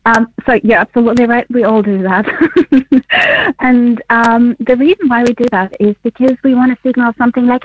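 A woman with a husky, fairly high voice explains her research and laughs often. She comes through a tinny phone line, dry with no room sound. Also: moderate pace, dry recording. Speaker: guest researcher. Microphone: phone call.

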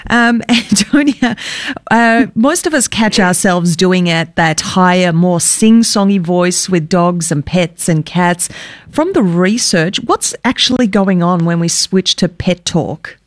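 Playful woman radio co-host, low voice. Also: lively intonation, slow, no echo, studio quality. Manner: chatty and playful. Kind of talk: casual radio chat. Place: radio studio.

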